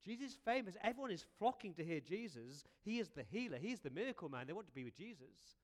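A man preaching a sermon as a lively, conversational story, often repeating words and asking rhetorical questions. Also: sits high, fast.

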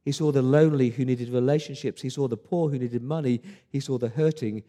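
Earnest pastor preaching. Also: male voice, mid-range voice, steady tone, a little fast, mellow. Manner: earnest, emphatic preaching with repeated restarts. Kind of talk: sermon.

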